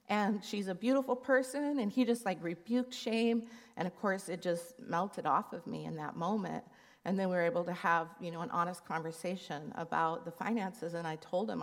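A woman's voice: on the low side, normal speed. A middle-aged woman gives a candid, emotional personal testimony at a church conference. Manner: candid and emotional, laughing while telling the story. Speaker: conference speaker.

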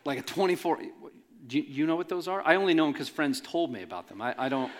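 Animated male pastor preaching. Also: a little high, quick pace, a little hiss or hum. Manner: animated, conversational, jokes with the congregation. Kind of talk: sermon. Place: church in front of a congregation.

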